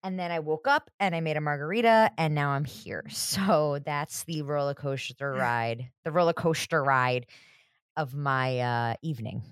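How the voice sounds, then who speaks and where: A woman co-hosting a podcast chats casually, slipping in dry, sarcastic jokes. Her voice is low, smooth and at normal speed, with no echo.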